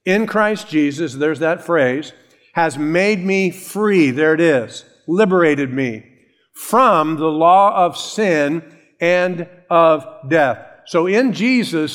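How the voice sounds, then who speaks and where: A man preaching a sermon, measured and emphatic, stretching out key phrases slowly. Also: a little high. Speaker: pastor.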